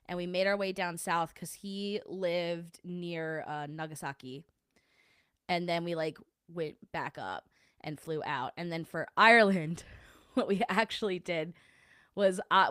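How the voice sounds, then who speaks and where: A woman's voice: on the low side, fairly bright tone, clean tone, dry recording, studio quality. A woman in her thirties hosting a casual lunch-break chat, rambling and laughing with many likes and fillers. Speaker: podcast host.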